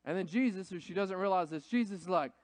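High-voiced man preaching earnestly. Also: fast talker, no echo. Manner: earnest, conversational preaching with rising emphasis. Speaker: pastor. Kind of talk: sermon.

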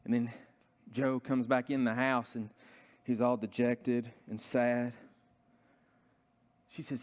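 A man's voice: medium pitch, flat delivery, takes it slowly, long pauses, a little mellow. A man preaching a sermon in a church, telling a story earnestly and often restarting his sentences. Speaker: pastor.

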